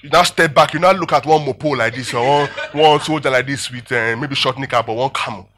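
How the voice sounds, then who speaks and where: A man preaching a sermon as a pastor, animated, laughing often and checking in with his listeners. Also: mid-range voice, a little fast, a little hiss or hum.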